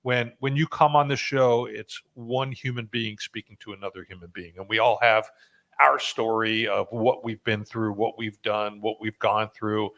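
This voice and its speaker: Low-voiced man hosting a podcast. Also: level tone, moderate pace, gravelly, a bit bright. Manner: loose and joking, with frequent fillers and restarts. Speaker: podcast host. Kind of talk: casual podcast chat.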